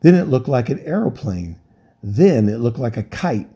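A man reading a children's novel aloud in calm, steady narration. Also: mid-range voice, moderate pace, husky. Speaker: volunteer reader.

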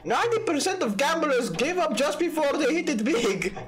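A woman cracks crude, sweary jokes while she plays through a game, her pitch bouncing up and down. Game music runs clearly behind her voice. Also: big pitch swings, moderate pace. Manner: crude, joking, swears freely. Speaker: let's play host. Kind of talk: crude comedic game commentary.

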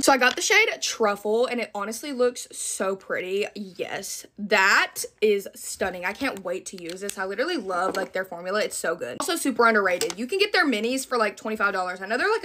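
A woman's voice: mid-range voice, bright, forceful tone, slight background noise. A young woman chatting through a beauty haul, chatty and enthusiastic, joking about her shopping habit. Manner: chatty, enthusiastic, self-mocking. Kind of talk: fast casual haul chat.

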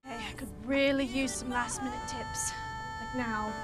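A woman playing an anxious teenage theater student in scripted TV dialogue, talking quickly and with worry. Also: a little high, steady tone, close to an everyday voice. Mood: light. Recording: TV clip with music behind.

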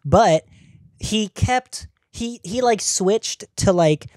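A man's voice: high voice, lively intonation, slow pace, darkish tone, no echo, studio quality. A man co-hosting a comedy podcast in a loose, rambling way, full of fillers and restarts and laughing mid-thought. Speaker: podcast co-host. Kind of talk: casual comedic chat.

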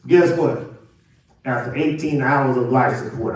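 Pastor preaching in an echoey church. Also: male voice, mid-range voice, unhurried, far from the mic. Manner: preaching with big swings from loud to hushed. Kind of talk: sermon. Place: church sanctuary.

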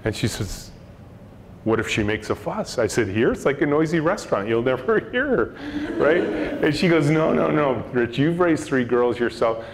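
Speaking to students in a lecture hall with an audience, a middle-aged company CEO delivers a storytelling talk, doing the voices of the people in his anecdotes. His mid-range voice is animated and moderately paced, and the recording has a long hall reverb and faint noise.

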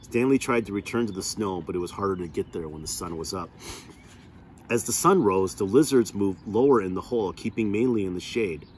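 A man reading a novel aloud in a steady, plain narrating voice. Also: fairly low pitch, brisk, slight background noise. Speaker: reader.

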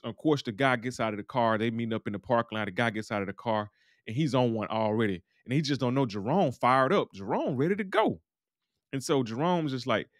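A man with a medium-pitched voice offers a loose, chatty recap of a TV episode, mimicking the characters' lines. The casual monologue has studio quality and no room sound.

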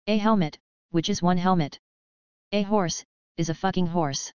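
A woman narrating a novel in a steady, even storytelling voice, in a dry, dull lo-fi recording. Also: lowish voice, moderate pace, clean tone, dry recording. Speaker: audiobook narrator.

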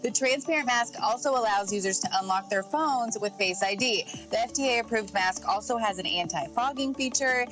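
A woman's voice: a little high, fairly quick, hardly any pauses, fairly bright tone, soft background music, low-quality recording. Chatty woman presenting tech gadgets. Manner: chatty, informal, reads product notes with asides. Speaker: tech segment guest. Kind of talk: casual TV segment chat. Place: TV studio.

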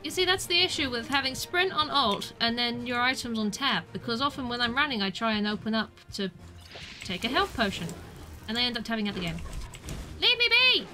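A woman's voice: a little high, animated, a little fast, music in the background. A young woman from the UK chatting through a game as a streamer, joking at herself and squealing when she gets hit. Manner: chatty and self-mocking, with squeals when attacked. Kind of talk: casual gameplay commentary.

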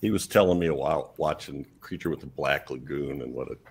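A man with a rumbling low, creaky, husky voice leads a segment of a casual podcast, talking fairly quickly. As co-host, he rambles and trails off into chuckles.

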